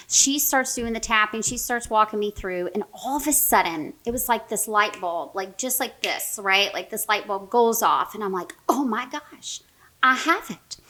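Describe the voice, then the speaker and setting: A woman in her forties, a therapist and podcast guest, telling a story in a lively, animated way, full of "like" and "right?". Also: medium pitch. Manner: animated, many fillers like "right?" and "like". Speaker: mental health therapist, guest. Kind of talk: casual storytelling in a podcast interview.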